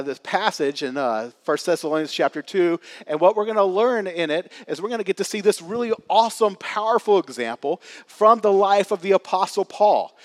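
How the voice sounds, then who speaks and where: A man in his thirties, a pastor giving a sermon in a church, talking casually with fillers and stories. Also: high voice. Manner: casual, chatty storytelling with laughs and fillers.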